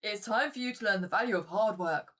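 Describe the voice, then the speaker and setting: A woman's voice: mid-range voice, brisk, recorded from a distance, lightly acted. A woman reading out a stern, wealthy father's scolding letter in a put-on formal voice.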